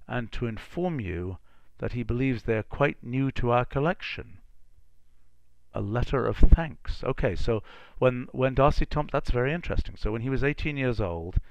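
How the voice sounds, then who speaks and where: A middle-aged man with a low, gravelly voice reads old letters aloud on a live stream. He stumbles through the handwriting and breaks off into thinking-aloud asides. The sound is close and dry. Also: no echo. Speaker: live-stream host reading archival letters. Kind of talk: casual think-aloud reading.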